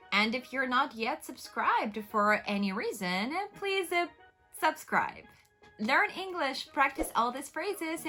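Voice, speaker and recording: A woman English teacher giving an encouraging, clearly spoken vocabulary lesson to camera. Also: high-pitched. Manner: encouraging, clear, steady explaining.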